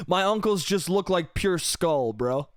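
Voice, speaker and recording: A man's voice: high voice, huge pitch swings, takes it slowly, a bit bright, no room sound, studio quality. A young man hosting a solo comedy podcast, rambling and self-mocking, swearing freely and calling the listener dude and bro. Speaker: podcast host.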